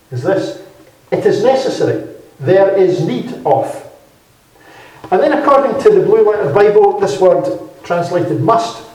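A man preaching a measured, emphatic Bible-teaching sermon in a hall, repeating key phrases for weight. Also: fairly high pitch, a little mellow, slight background noise. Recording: very echoey hall, speaker far from mic.

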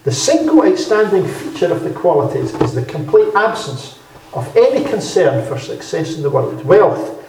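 A man preaching a measured, emphatic Bible-teaching sermon in a hall, repeating key phrases for weight. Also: on the high side, big pitch swings, vocal fry, noisy background. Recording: very echoey hall, speaker far from mic.

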